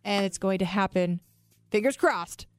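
A woman co-hosting a morning radio show, bubbly and quick to laugh, talking into a studio microphone. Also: medium pitch, clear, resonant tone, no echo, faint music behind. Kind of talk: upbeat morning radio chat.

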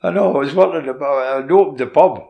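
A man's voice: a little high, fast, gravelly, lo-fi sound. Older Scottish man telling stories. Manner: animated anecdotes, laughs while telling, drops into quoted dialogue. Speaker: former professional footballer. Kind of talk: casual interview storytelling.

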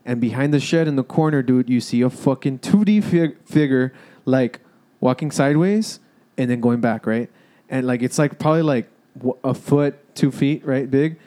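Rambling young man with a mellow voice. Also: mid-range voice, moderate pace. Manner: rambling, cursing, hesitant restarts. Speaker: storyteller. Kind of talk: casual storytelling among friends.

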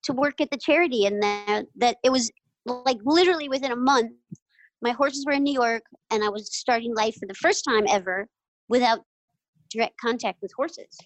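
Speaking at normal speed in a fairly high voice, this woman is a guest in an interview, casually recounting stories with plenty of "like," "you know," and laughter. The audio is dry and rough.

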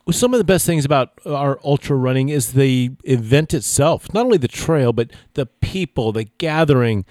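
A man's voice: medium pitch, lively intonation, normal speed, a little mellow, dry recording, studio quality. A man co-hosting a running podcast who jokes with his partner and laughs often. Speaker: podcast co-host. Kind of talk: casual chat.

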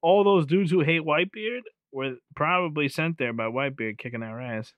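A man's voice: a little high, normal speed, no echo, narrow, tinny audio. A man co-hosting a podcast, recapping an anime film in casual chat. He rambles, swears freely, laughs often, and skims past details with "whatever.". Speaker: podcast co-host.

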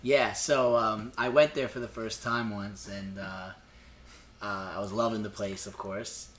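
A man's voice: lowish voice, measured pace, roomy sound, a little hiss or hum. A man on a casual podcast telling a story and acting out the quotes with energy. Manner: animated storyteller, acts out quotes. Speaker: podcast host.

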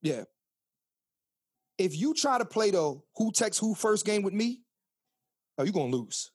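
A man in his thirties from Philadelphia, Pennsylvania, co-hosts a podcast, launching into animated, profane, preachy rants in loose casual chat. His high, husky voice moves at a measured pace, recorded in studio quality with no room sound.

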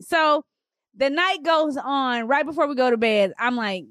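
A woman in her thirties telling a personal story to her viewers in a casual, animated way, with big swings in her voice for emphasis. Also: a little slow, no echo, clean studio sound. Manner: animated, expressive, swings pitch widely for emphasis.

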